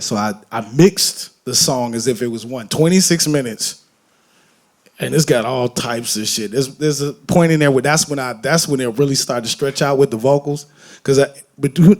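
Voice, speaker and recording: A man from Detroit talking candidly on a festival stage, telling animated, profane, joking stories and acting out voices. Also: mid-range voice. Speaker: guest musician on stage. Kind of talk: candid onstage conversation. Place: festival main stage before an audience.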